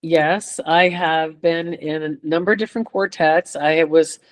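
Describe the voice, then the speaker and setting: An older woman with a lowish voice tells her stories with a lively, laughing energy. She talks casually, like a guest catching up with a friend. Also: unhurried. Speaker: guest chorus singer. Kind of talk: casual storytelling chat.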